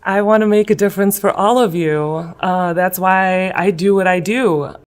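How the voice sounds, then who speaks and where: Appearing as a guest, this thirty-something political candidate from West Chicago, Illinois, answers questions in a school room. Her voice is medium-pitched with fairly even intonation at a moderate pace, and her replies are earnest, emotional, and full of fillers.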